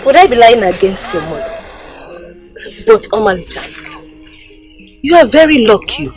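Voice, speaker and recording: An actress playing a sharp-tongued young village woman who scolds emphatically, with a Nigerian accent. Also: on the high side, expressive, moderate pace, faint music behind, close to an everyday voice, low-quality recording. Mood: teasing.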